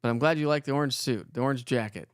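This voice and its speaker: A man's voice: medium pitch, fast talker, no echo, studio quality. Chatty man hosting a weather livestream. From Colorado. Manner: chatty, upbeat, jokey, greets viewers by name. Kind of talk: casual live-stream chat reading viewer comments.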